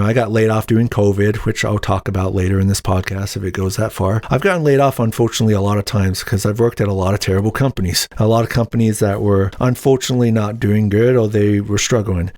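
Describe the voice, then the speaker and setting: A young adult man hosting a podcast, telling a personal story casually and acting out the voices of others with a raised pitch. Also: fast talker, few pauses, no echo, clean studio sound. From Utah. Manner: animated, acts out quotes in raised voice. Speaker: podcast host.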